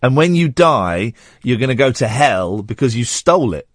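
A man hosting a late-night phone-in show, joking and teasing with an animated voice that rises and falls a lot. His voice sits mid-range and sounds close and dry on the studio mic. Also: mid-range voice, normal speed, no room sound. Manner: playful, jokey, animated. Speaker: radio talk show host.

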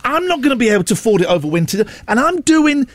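Animated radio host, high voice. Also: male voice, fast talker, dry recording. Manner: animated, ranting, self-mocking. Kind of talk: casual radio chat. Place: radio studio.

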